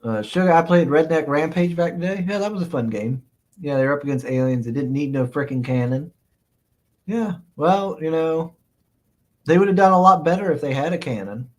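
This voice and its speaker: A man's voice: on the high side, normal speed. A man hosting a casual live stream, reading chat aloud and rambling in reply with frequent chuckles. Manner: rambling, chuckling, lots of "uh, let's see" fillers.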